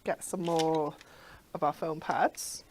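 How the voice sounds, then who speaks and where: A woman's voice: sits low, steady tone, takes it slowly, very noisy. A woman presenting a live craft demonstration, talking chattily step by step with giggly asides.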